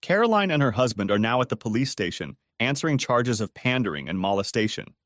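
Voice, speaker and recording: A man's voice: medium pitch, big pitch swings, fast talker, fairly bright tone, no room sound, studio quality. A man narrating a first-person audiobook story in a cold, scornful tone.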